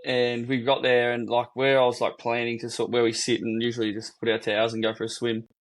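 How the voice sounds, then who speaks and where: A man's voice: mid-range voice, monotone, brisk. A young Australian man co-hosting a podcast, telling a rambling, sweary story in casual chat. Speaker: podcast co-host.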